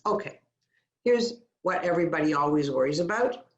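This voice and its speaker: A woman's voice: low-pitched, expressive, normal speed, dull audio. A woman coaching a webinar on a video call, demonstrating speech sounds and sentence stress and asking attendees questions. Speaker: communication coach. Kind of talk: webinar teaching.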